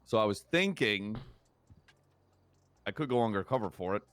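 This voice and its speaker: A man's voice: lowish voice, animated, normal speed, fairly bright tone, no room sound, clean studio sound. Casual, swearing male roleplay cop. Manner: casual, swears a lot, storytelling. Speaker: police officer in a roleplay. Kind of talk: in-character roleplay chat.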